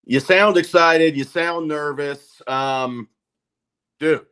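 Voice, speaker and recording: A man's voice: fairly high pitch, slow, fairly bright tone, smooth. A man as a hockey reporter guest on a sports talk show, reassuring and easygoing, with frequent um and uh fillers. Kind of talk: casual sports talk interview.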